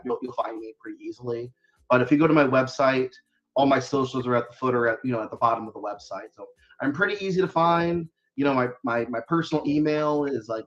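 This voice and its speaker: A man's voice: medium pitch, a bit bright, lo-fi sound. A man, a guest author, chatting casually in an interview, rambling with lots of fillers and restarts.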